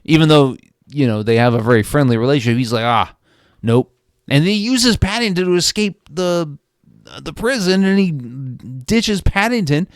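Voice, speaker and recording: A man's voice: fairly high pitch, a little slow, no room sound, clean studio sound. A man co-hosting a podcast, reviewing a movie in casual, rambling chat, swearing freely and restarting his sentences. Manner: rambling, profane, animated storytelling with many restarts. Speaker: podcast co-host.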